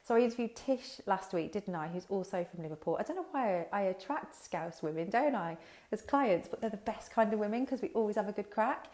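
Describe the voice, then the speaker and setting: A woman's voice: mid-range voice, expressive, fairly quick, darkish tone. A woman hosting a casual livestream chat, talking straight to her viewers in a chatty, swearing, unfiltered way over a headset mic. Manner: chatty, swears freely, talks to viewers directly. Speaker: business coach hosting a livestream. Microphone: headphones with mic.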